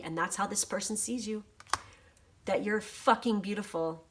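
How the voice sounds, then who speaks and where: A woman's voice: mid-range voice, normal speed. A woman doing a casual tarot reading on her channel, reading aloud from a guidebook and reacting freely with swearing and emotion. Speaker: tarot reader. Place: home office.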